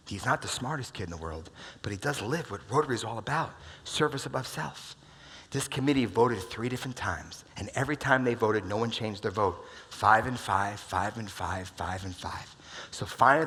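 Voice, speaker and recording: A man's voice: fairly low pitch, husky. Man telling stories on a reverberant stage. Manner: dramatic, swings from loud bursts to hushed asides. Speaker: keynote speaker. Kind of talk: motivational stage storytelling. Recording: long hall reverb.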